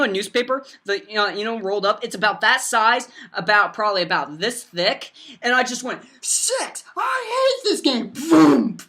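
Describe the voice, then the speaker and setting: Teen guy rambling thru a storytime vlog, bright voice, lots of ums and sudden loud silly bits. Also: sits high. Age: teens. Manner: excitable, many fillers, bursts into loud silly voices. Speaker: vlogger.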